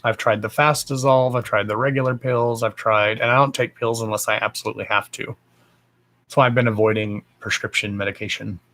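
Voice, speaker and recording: A man's voice: lowish voice, fairly even intonation, a little fast, fairly bright tone, low-quality recording. A man with a Texan accent hosting a casual live stream, chatting freely, greeting viewers with endearments and swearing offhandedly. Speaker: psychic live-stream host.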